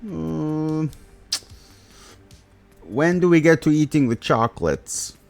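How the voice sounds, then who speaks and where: A man voicing a huge, slow, dopey male mutant fixated on food. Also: a little high, expressive, gravelly, a little mellow, faint music behind, pitched above the performer's own voice, heavily acted.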